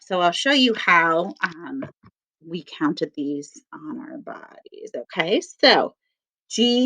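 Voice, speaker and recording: Slow sing-song woman teacher reading aloud. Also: lowish voice, very animated, bright, forceful tone. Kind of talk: read-aloud lesson for children. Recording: dull lo-fi sound.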